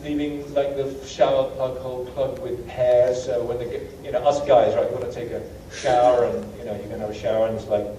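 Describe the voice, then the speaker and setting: British guy lecturing, mellow voice, self-deprecating storyteller, distant echoey hall with faint hiss. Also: medium pitch, flat delivery, brisk, hardly any pauses, highs cut off. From Britain. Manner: anecdotal, self-deprecating, many fillers. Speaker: guest lecturer. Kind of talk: humorous travel lecture.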